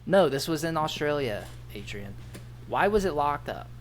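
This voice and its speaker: A man's voice: fairly high pitch, sing-song, moderate pace, a little hiss or hum. A man co-hosting a podcast, rambling and teasing his friends in casual chat. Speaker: podcast co-host.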